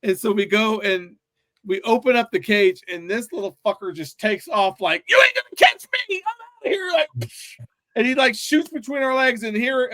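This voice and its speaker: A man hosting a podcast, telling stories in casual chat with an animated manner and plenty of swearing. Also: high-pitched, no echo, studio quality. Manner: animated storyteller, swears freely. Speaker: podcast host.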